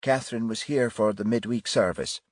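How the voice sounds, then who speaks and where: A man voicing a middle-aged male pastor with a soft Irish brogue and a solemn, gentle manner. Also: lowish voice, moderate pace, no echo, studio quality, lightly acted. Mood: gently solemn.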